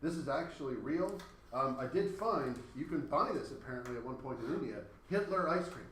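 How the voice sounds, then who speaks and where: A man lectures a class in a relaxed, conversational way, walking students through hypothetical examples. His voice rings around an echoey classroom with a faint hum of noise behind him. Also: medium pitch, brisk. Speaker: teacher.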